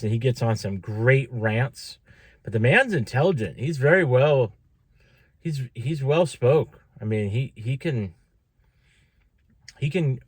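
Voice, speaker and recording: A man's voice: lowish voice, darkish tone, no echo. A tired man talking casually to camera for his vlog, rambling with lots of fillers and restarts. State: tired, yawning. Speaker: vlogger.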